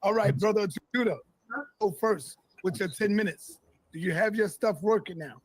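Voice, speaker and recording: Easygoing debate moderator, breathy high-ish voice, dry sound. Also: male voice, moderate pace, no echo, low-quality recording. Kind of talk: casual moderating.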